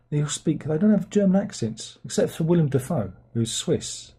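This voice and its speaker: A man's voice: fairly high pitch, expressive, moderate pace, warm tone, husky. A man giving a casual film review, blunt and sarcastic, rambling from one aside to the next.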